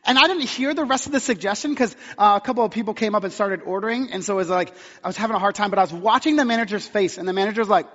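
A man with a fairly high voice preaches a conversational sermon, slipping into little acted-out quotes as he tells his story. The sound is a bit dull and rings with long reverb from a church hall. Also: lively intonation, fast talker, fairly bright tone. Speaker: pastor.

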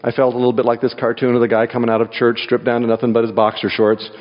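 Very fast and completely flat, a medium-pitched man gives a guest sermon at church, mixing personal stories, jokes and scripture reading. It was recorded in a hall with long reverb, and the sound is dull.

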